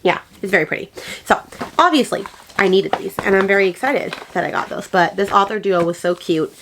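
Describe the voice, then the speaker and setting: A woman's voice: medium pitch, a little fast, background noise. A woman book vlogger chatting casually and enthusiastically, gushing and rambling with fillers as she shows her book haul.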